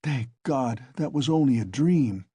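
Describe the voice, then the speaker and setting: Brief: man doing a rattled young man after a nightmare, hushed and breathless, husky. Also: mid-range voice, lively intonation, measured pace, no room sound. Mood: shaken.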